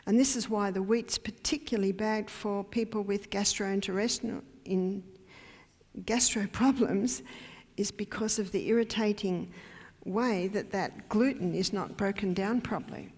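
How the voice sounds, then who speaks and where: Australian woman, health lecturer, gravelly voice, emphatic, rhetorical questions, church hall echo. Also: mid-range voice, fairly even intonation, unhurried, a little mellow. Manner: emphatic, asks the audience questions. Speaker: health educator. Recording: long hall reverb.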